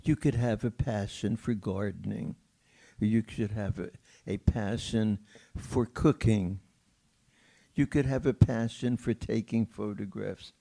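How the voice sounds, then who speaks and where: In a lowish, gravelly voice with a steady tone, an older pianist shares stories at a film Q&A held in a theater. He speaks slowly and warmly, chuckling and mimicking the people he quotes.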